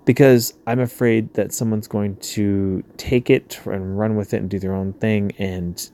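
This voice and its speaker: His lowish, fairly even voice has a dark yet clean tone and a measured pace. The man is a YouTuber casually commenting as he reads a crowdfunding campaign page aloud, laughing easily and trailing off into mumbles.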